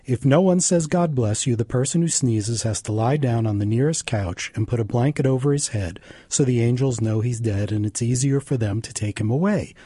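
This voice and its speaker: A man's voice: mid-range voice, normal speed, few pauses, warm tone, slightly rough, dry recording, studio quality, natural voice. A man reading the part of a busy, distracted father who answers his son offhandedly. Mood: offhand.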